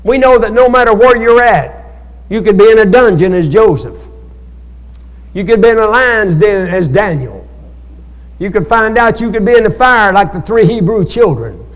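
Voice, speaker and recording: A man, a pastor, delivers a Bible study sermon in an echoey church hall at normal speed. His high-pitched voice is expressive, and he keeps calling on the congregation for amens in call-and-response fashion.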